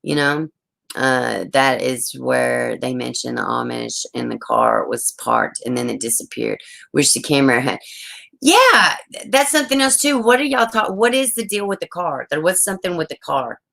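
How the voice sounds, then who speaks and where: A woman, chatting on a true crime livestream from home, rambling, excitable and swearing often. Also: a bass voice, normal speed, creaky, low-quality recording. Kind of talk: casual livestream chat.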